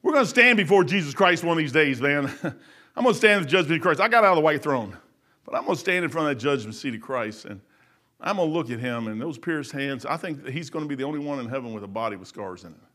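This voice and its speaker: A man preaching a folksy, animated sermon, acting out voices and laughing as he goes. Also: on the high side, fast. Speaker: lay preacher.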